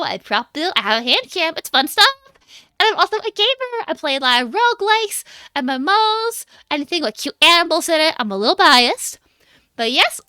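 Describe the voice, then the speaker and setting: A woman's voice: sits high, sharp tone, no room sound, studio quality. A young adult woman streaming as a VTuber, chatting casually and animatedly and laughing often.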